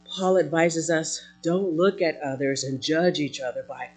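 Woman preaching, sermon, husky breathy voice, slow and drawn out, faint music and hum behind. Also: low-pitched. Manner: expressive, swinging between loud emphasis and soft asides, with fillers.

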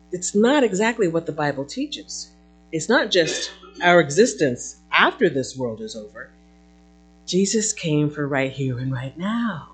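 A woman teaching a Bible passage in a lively, conversational way, breaking into playful asides. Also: deep voice, husky.

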